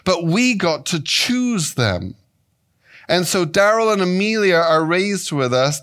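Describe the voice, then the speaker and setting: English man in his fifties, guest preacher, animated and playful, voice on the high side. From England. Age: 50s. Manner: animated, playful, with shifting pitch and pace. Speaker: guest speaker and Bible teacher. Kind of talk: sermon.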